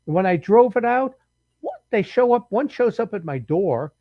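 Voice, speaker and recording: High-voiced man telling rambling stories. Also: sing-song, normal speed, no echo, dull audio. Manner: rambling anecdotal storytelling with many restarts. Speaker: paranormal researcher guest. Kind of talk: casual interview storytelling.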